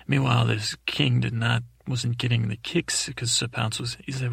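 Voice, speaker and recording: A man's voice: mid-range voice, level tone, moderate pace, gravelly, few pauses, fairly bright tone, breathy edge, no echo, studio quality. A man telling a rambling, improvised bedtime story, meandering and correcting himself as he goes. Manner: meandering, full of self-corrections and fillers. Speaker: podcast storyteller.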